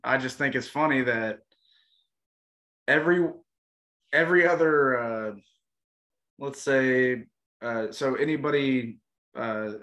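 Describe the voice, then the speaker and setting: A man's voice: medium pitch, fairly bright tone. An American man co-hosting a casual chat, rambling and hesitant, laughing easily. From United States. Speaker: podcast co-host.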